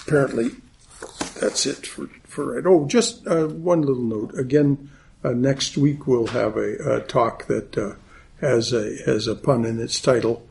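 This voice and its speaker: A man leading a chapel service, giving announcements in a halting way with many pauses and fillers. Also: mid-range voice, darkish tone, a little hiss or hum. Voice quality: gravelly and very husky. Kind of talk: sermon announcements. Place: chapel in Atlanta.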